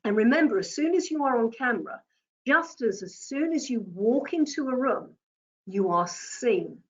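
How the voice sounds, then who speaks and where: A woman giving a presentation-skills lesson, speaking deliberately and repeating her key points. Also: fairly high pitch, animated, lo-fi sound. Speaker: communication trainer. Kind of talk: presentation skills coaching talk.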